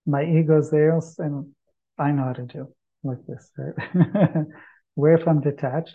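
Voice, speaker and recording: A man chanting verses slowly, then explaining them in relaxed, anecdotal talk with non-native English phrasing. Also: on the high side, gravelly. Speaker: spiritual teacher. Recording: dull lo-fi recording.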